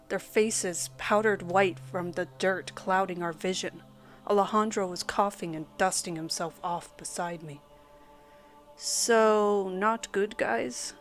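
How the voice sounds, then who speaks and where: A woman reading a scripted horror story aloud as its narrator, in a steady storytelling delivery. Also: medium pitch.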